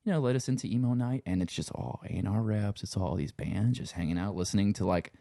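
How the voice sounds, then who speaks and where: A man's voice: lowish voice, fast talker, creaky, warm tone, no echo, studio quality. A man from Louisiana with a Cajun accent, talking in a laid-back, rambling way and swearing freely in a casual conversation. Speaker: podcast guest.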